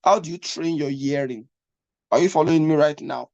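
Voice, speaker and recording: A man's voice: on the high side, a little fast, vocal fry, a little mellow, no echo, dull audio. A man giving a spoken lesson as an English test coach, often repeating himself and checking whether the listener is following. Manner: repetitive, stumbling restarts; asks listener to follow along.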